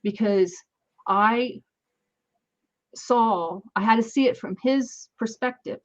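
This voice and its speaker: Woman telling lively parenting stories. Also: fairly high pitch, slow, highs cut off. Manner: animated anecdotes, acts out dialogue. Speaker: guest, energy healer. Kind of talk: casual storytelling in an interview.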